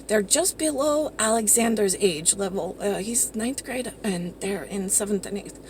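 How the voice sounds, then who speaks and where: A woman's voice: medium pitch, measured pace, a little mellow, a little hiss or hum. A woman talking in a rambling, profane monologue that jumps from topic to topic.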